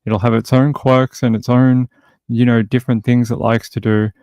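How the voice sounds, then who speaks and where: A gravelly-voiced Australian man hosts a casual livestream, greeting viewers by name and joking around. His delivery is loose and chatty with a tired edge, recorded close and dry with no room sound. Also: medium pitch, level tone, moderate pace, mellow, no echo. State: tired from insomnia. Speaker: livestream host.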